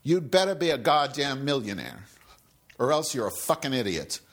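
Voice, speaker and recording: A man's voice: medium pitch, very animated, normal speed. A man hosting a solo podcast, ranting angrily and profanely with sarcastic, rambling asides. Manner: angry, sweary, sarcastic. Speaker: podcast host.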